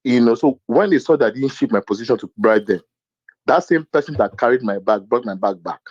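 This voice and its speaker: A man's voice: medium pitch, brisk, breathy edge, no room sound, dull audio. A man from Nigeria telling a long personal story in casual chat, full of fillers like "you know" and acting out what people said. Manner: animated anecdote-telling with many fillers and acted quotes. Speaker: podcast co-host.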